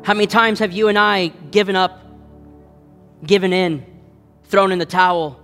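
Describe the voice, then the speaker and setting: Man, high voice, impassioned preacher, repetitive, long hall reverb, faint music behind. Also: fairly even intonation, normal speed, long pauses, bright, forceful tone. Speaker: pastor. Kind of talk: sermon.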